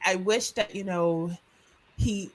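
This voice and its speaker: A woman guest on a panel show, speaking earnestly and haltingly. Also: mid-range voice, a loud crowd, poor audio. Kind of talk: casual panel chat.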